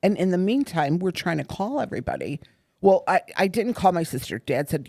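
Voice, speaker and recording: Middle-aged mother telling a story, animated. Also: fairly low pitch, a little fast, gravelly, no echo, studio quality. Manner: animated, acts out quoted dialogue, repeats herself. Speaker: guest, mother of the host. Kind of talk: emotional personal storytelling.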